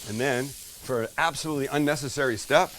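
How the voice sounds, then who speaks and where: A middle-aged man hosts a casual cooking demonstration at an outdoor flat-top grill, chatting and joking with the viewer as he works. His voice sits at an ordinary middle pitch. He is heard from a little way off the mic, with a faint sizzle of food behind him. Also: fast talker, far from the mic, slight background noise, low-quality recording. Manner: chatty, joking, talks to the viewer while working. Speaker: cooking show host.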